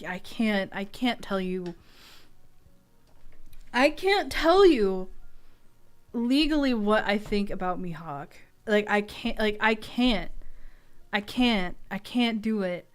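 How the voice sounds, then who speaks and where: Streaming as a vtuber, this young woman talks in a casual, excitable way, swearing, gushing and frequently restarting her sentences. She has a smooth, medium-pitched voice.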